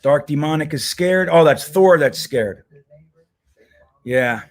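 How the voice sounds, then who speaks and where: A man's voice: fairly high pitch, expressive, slow. A man hosting a casual livestream, talking loosely and rambling, swearing now and then. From United States. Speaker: host.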